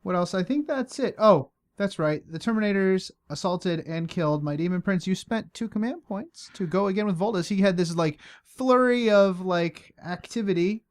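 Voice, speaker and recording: A man hosting a podcast, recapping a tabletop game in a relaxed, halting way. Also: sits high. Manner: relaxed, halting, many fillers. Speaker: podcast host and player.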